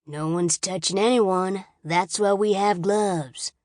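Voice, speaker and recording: A woman's voice: mid-range voice, slow pace, darkish tone, dry recording, studio quality, natural voice. A woman voicing a crude, smug male soldier guard who talks in a lazy, mocking drawl. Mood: leering.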